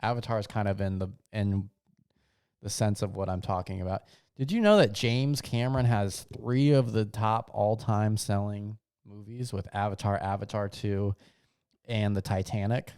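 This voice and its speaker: A man's voice: fairly low pitch, moderate pace, a little mellow, clean tone. A young man hosting his own show, rambling through a casual comedic rant full of slang, restarts and trailing thoughts. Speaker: podcast host.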